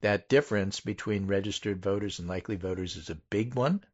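A man's voice: on the low side, a little fast. A man hosting a casual political talk show, running through poll numbers with emphasis. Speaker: political podcast host. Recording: dull lo-fi audio.

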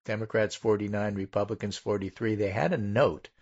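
Low-pitched guy hosting a politics chat, punchy about the numbers, muffled lo-fi sound. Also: steady tone, fairly quick, darkish tone. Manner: rattles off poll numbers, emphatic. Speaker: political podcast host. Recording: dull lo-fi audio.

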